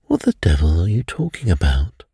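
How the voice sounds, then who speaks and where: A man's voice: low voice, wildly swooping pitch, brisk, gravelly, dark tone, husky, dry recording, clean studio sound, exaggerated voice. A man reading a bedtime story, voicing a careless, scoffing middle-aged doctor who laughs things off.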